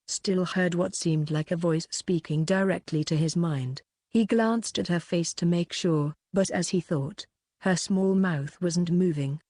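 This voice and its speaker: A woman narrating an audiobook with a steady, even reading. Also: on the low side, unhurried, no room sound, clean studio sound.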